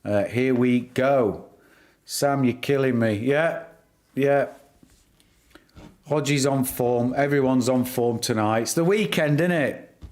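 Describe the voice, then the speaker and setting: A man's voice: mid-range voice, slow pace, long pauses, a little mellow. A middle-aged man hosting a live stream, chatting casually and teasing his viewers by name. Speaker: livestream host.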